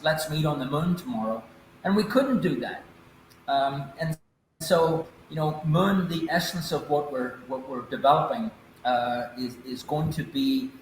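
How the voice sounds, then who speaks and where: Echoey man pitching a project over a call. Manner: hesitant, many fillers and restarts, enthusiastic. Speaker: company co-founder. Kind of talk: conversational interview answers. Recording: very echoey room, faint noise.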